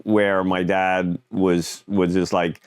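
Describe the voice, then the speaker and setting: A man co-hosting a comedy podcast, telling a personal story in a reflective, halting way. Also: low voice, level tone, clear, resonant tone, no echo, clean studio sound. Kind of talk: casual podcast chat.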